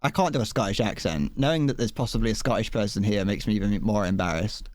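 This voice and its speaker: A man's voice: lowish voice, fast talker, a little mellow, no echo. A young British man streaming live, chatting casually in a rambling, self-deprecating way with frequent chuckles, close to a desk microphone. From Britain. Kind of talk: casual chat while gaming live.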